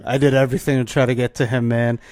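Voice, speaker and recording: A man's voice: mid-range voice, little pitch movement, quick pace, darkish tone, no echo. A man co-hosting a podcast, ranting bluntly and profanely in casual chat. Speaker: podcast co-host.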